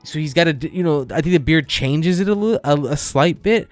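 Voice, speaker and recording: A man's voice: a little high, a little fast, soft background music. A man co-hosting a casual podcast about games, rambling enthusiastically with lots of fillers. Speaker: podcast co-host.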